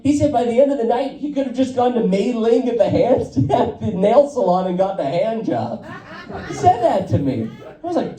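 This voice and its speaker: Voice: medium pitch, very animated, moderate pace, warm tone, reverberant, far from the mic, rough recording. A stand-up comedian telling loose, profane stories on a club stage and laughing at their own jokes. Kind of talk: stand-up set at an open mic.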